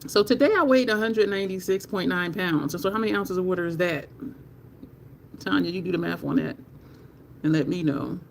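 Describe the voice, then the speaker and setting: A woman's voice: fairly low pitch, brisk, vocal fry, a little hiss or hum. A teary woman, chatting candidly on a makeup livestream, swearing casually and thanking viewers in chat. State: teary, near crying.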